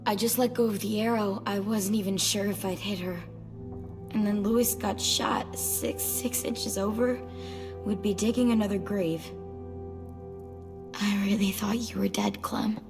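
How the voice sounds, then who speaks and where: A woman's voice: medium pitch, fairly even intonation, a little slow, long reverb tail, over music, lightly acted. A woman voicing a guarded teenage survivor girl who talks bluntly, swears and sounds worried.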